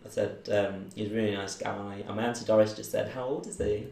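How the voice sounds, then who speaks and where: A man recounts his own story in relaxed conversation, slipping into the voices of the people in it. His voice is low and gravelly. The room around him is roomy and echoing. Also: brisk. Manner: chatty, laughs often, acts out voices in his story. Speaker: interviewee. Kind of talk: casual personal storytelling.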